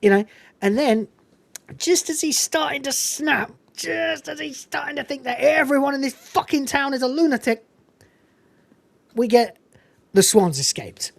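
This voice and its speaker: A woman's voice: high voice, animated, a little slow, vocal fry, pauses often, no echo. A woman hosting a podcast, chatting casually and enthusiastically about a film, swearing freely and laughing often. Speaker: podcast host reviewing a film. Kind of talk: casual chat.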